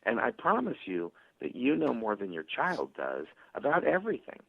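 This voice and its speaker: A male author telling stories and acting out parents' voices in a radio interview, with a husky, gravelly voice. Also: mid-range voice, huge pitch swings, moderate pace. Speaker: author guest. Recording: tinny phone line.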